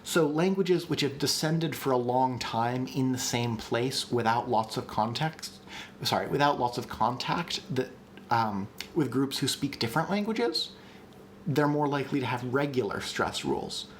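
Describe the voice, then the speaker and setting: A man teaching on a live stream, answering chat questions and thinking out loud with frequent ums and restarts. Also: mid-range voice, expressive, moderate pace, a little hiss or hum. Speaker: streamer teaching language creation. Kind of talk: live-streamed casual lecture.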